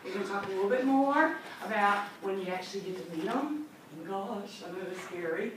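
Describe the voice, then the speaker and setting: A woman's voice: mid-range voice, a little fast. A woman trainer leading a classroom training session, upbeat and chatty, acting out little scenes. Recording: echoey room from far off, noisy.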